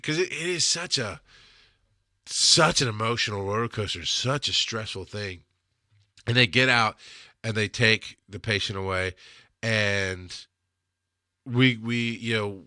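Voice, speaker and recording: Here the same kind of speaker, an EMS instructor sharing field stories, sounds fairly low in pitch, pushed and bright. The studio sound is clean with no room tone, and his casual tales of emergency medic work come out blunt and emotional, with swearing when anger rises.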